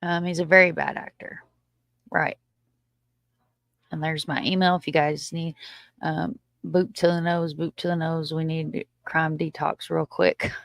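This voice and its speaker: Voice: mid-range voice, little pitch movement, measured pace, vocal fry, fairly bright tone, no echo, studio quality. A livestream host chatting casually with viewers, reading out and answering their comments, often agreeing with short repeated words and giving blunt opinions. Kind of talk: casual live chat reacting to viewer comments.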